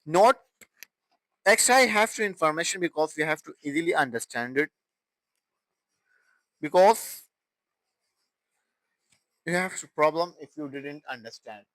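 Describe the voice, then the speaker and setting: A man teaching English grammar in a halting way, with restarts and broken phrasing. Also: fairly high pitch, fairly bright tone, no echo, low-quality recording. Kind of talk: classroom grammar explanation.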